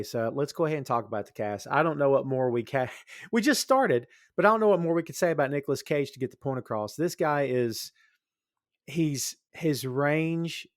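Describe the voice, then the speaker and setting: Southern male podcast host, middle pitch, loose and chatty, dry close sound. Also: no room sound. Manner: chatty, laughs often, many fillers and restarts. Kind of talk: casual podcast chat.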